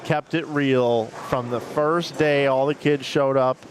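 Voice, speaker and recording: A man's voice: mid-range voice, fairly even intonation, unhurried. A man commentating on bowling, chatting casually and rambling through emotional restarts. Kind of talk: casual chat. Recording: noisy background.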